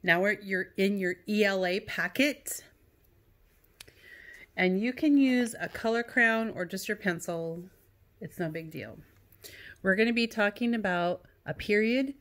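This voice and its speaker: A woman teacher records a lesson for young children at home. She talks patiently and reads example sentences in a sing-song voice. She keeps an even, middle pitch. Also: unhurried. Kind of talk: remote class lesson to young students.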